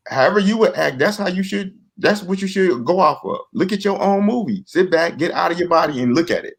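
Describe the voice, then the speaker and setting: A man's voice: animated, brisk, gravelly, few pauses, husky. Earnest man telling a story. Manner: earnest, repetitive storytelling with many restarts; acts out quoted voices in a higher pitch. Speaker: guest. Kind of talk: casual talk.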